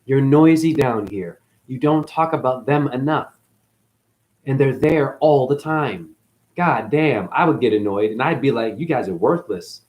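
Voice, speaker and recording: A man rambling through a profane spiritual monologue, dropping to mutters and then jumping up in excited bursts. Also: mid-range voice, unhurried, poor audio. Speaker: spiritual video host.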